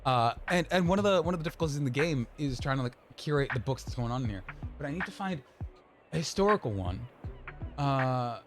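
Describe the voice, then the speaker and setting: A man's voice: medium pitch, animated, brisk. A young man casually commentating a game on stream, chatty and rambling, with game music behind.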